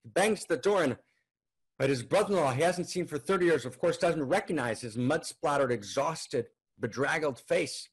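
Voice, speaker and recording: A man telling a folk tale aloud in an animated way, often checking in with listeners. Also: a little high, moderate pace, slightly rough. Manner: animated, frequent "right?" tags. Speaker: storyteller.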